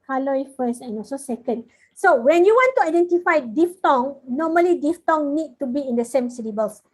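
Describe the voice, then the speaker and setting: A woman with a Malaysian accent, a Malay speaker, teaching a language lesson as a lecturer, repeating words slowly so students can follow. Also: sits high, animated, a little mellow, poor audio. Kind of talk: online class lecture.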